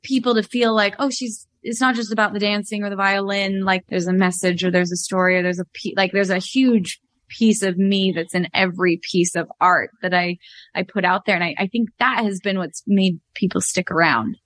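A woman's voice: medium pitch, steady tone, normal speed, a bit bright. A woman in her thirties, a musician guest in an interview, talking earnestly and chattily with lots of fillers. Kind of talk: conversational interview.

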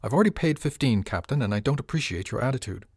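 A man's voice: mid-range voice, lively intonation, fast, a little mellow, no echo, studio quality, pitched above the performer's own voice. A man voicing a pompous, indignant male passenger in a fine suit, haughty and complaining, in an audiobook reading.

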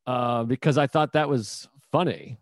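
A man talking candidly in a casual chat, animated and often swearing. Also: mid-range voice, a little slow, no room sound, studio quality. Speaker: comedian.

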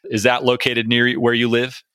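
A man's voice: medium pitch, monotone, normal speed, pushed and bright, clean tone, no room sound. An American man hosting a podcast interview, chatty and self-deprecating, with lots of fillers. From United States. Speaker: podcast host. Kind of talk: casual interview chat.

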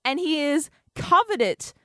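A woman co-hosting a breakfast radio show, telling a story with lively acted-out dialogue. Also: high-pitched, measured pace, dry recording, studio quality. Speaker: radio co-host.

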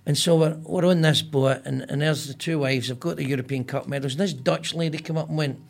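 A man's voice: on the high side, a little fast, gravelly. An older man with a Scottish accent, a comedian guest telling stories in casual chat with many stammered restarts. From Scotland. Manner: animated storyteller with stammered restarts.

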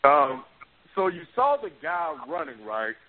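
A man's voice: a little high, big pitch swings, a little slow, crowd noise. A man co-hosting a sports podcast, walking through the game step by step. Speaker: podcast co-host. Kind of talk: casual sports chat. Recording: tinny phone-like sound.

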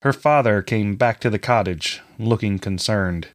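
A man reading a fantasy story aloud in a measured, steady storytelling manner. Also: lowish voice. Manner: measured storytelling, reading all parts himself. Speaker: audiobook narrator. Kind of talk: scripted fantasy narration.

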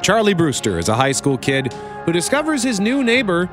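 A man's voice: high voice, wildly swooping pitch, brisk, over music. A man in his forties hosting a casual show, chatty and laughing often as he tells stories. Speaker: radio show host reviewing movies. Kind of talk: casual chat.

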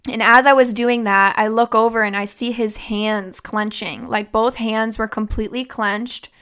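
A young woman host retells the day her father died, in a halting, emotional way full of fillers. Her voice is bright and smooth and sits somewhat high. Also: fairly even intonation. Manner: tearful, halting retelling of a family loss, many fillers. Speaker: podcast host. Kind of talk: emotional personal storytelling.

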